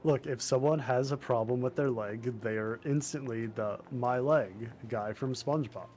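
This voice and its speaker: A man's voice: mid-range voice, normal speed, a little mellow, slight background noise. A man chatting on a gaming stream, explaining things and laughing often. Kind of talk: casual gaming stream chat.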